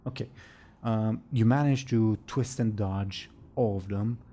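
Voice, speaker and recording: A man's voice: lowish voice, a little slow, mellow. A man running a tabletop game as game master, often chuckling and trailing off into muttered asides.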